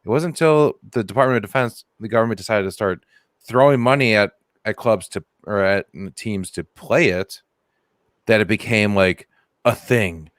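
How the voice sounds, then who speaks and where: Low-voiced sarcastic podcast co-host man. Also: normal speed, no room sound, clean studio sound. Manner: sarcastic, swears, jokey mock-formal reading. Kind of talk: casual comedic chat.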